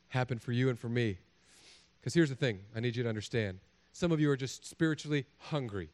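A man's voice: mid-range voice, fairly quick. A man preaching a sermon as a pastor, telling jokey stories and acting out little voices. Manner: animated, jokey storytelling with acted-out voices.

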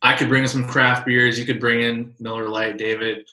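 A man's voice: medium pitch, flat delivery, normal speed, pushed and bright, echoey room. A man, co-hosting a casual podcast chat and tossing in ideas. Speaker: podcast co-host.

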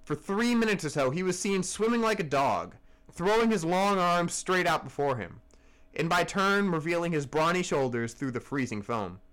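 A man's voice: fairly high pitch, expressive, moderate pace, fairly bright tone, poor audio. Man reading a classic novel dramatically. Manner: dramatic reading with occasional stumbles. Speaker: audiobook narrator.

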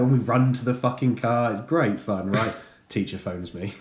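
A man in his thirties telling a funny story about his son in a casual, sweary, animated way. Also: fairly low pitch, moderate pace, few pauses. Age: 30s. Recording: echoey room.

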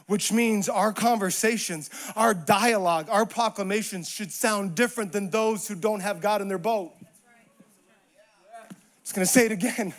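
A man preaching a sermon in a repetitive cadence, dropping to hushed asides and rising to shouted emphatic peaks. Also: sits high, a little slow. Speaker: pastor.

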